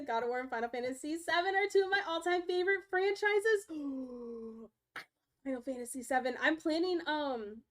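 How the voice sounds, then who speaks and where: A young woman streaming from home, chatting casually with viewers and talking baby talk to her dogs. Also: high-pitched. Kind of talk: casual live-stream chat.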